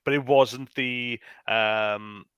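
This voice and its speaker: A man co-hosting a casual chat, talking in halting bursts and repeating his words often. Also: medium pitch, fairly even intonation, a bit bright, clean tone, no echo, lo-fi sound. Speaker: podcast co-host.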